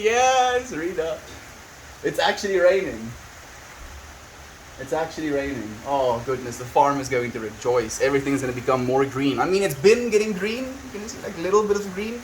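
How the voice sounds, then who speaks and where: This young man, streaming live from home on a farm, has a fairly high, slightly bright voice. Between laughs and restarted sentences he vents, rambles and reads chat, all in a low-quality recording with slight background noise.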